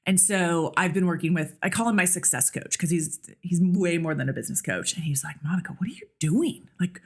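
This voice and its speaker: A woman speaks as a podcast guest in a relaxed, candid way. Her voice sits slightly low for a woman. She talks with plenty of fillers. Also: a little fast. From United States. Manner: chatty and candid, with lots of fillers. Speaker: podcast guest, nurse practitioner and clinic owner. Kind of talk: casual interview chat.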